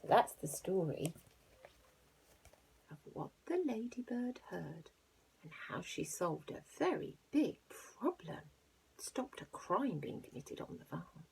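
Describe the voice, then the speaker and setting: Reading a picture book to little kids, this teacher exaggerates the animal sounds and murmurs quiet asides between the lines. She speaks slowly in a lowish, gravelly, sing-song voice, with slight background noise in the recording.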